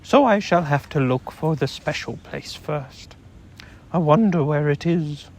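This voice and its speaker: A man voicing a gentle, muddled male teddy bear who talks in an earnest, puzzled way in a storybook reading. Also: fairly high pitch, animated, measured pace.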